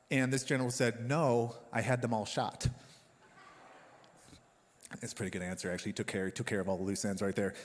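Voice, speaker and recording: Joking man preaching in a reverberant hall. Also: medium pitch. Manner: conversational, joking asides to the congregation. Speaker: pastor. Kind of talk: sermon. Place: church hall.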